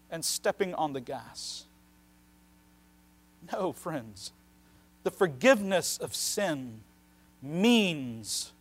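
A pastor delivers a sermon in a notably high voice. He speaks earnestly, drawing out key phrases for emphasis. His loudness swings widely between loud stresses and hushed asides.

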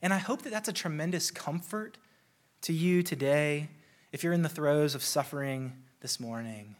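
Earnest preaching man, slightly high voice. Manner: earnest, slows and stresses key phrases; builds intensity through lists. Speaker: pastor. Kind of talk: sermon.

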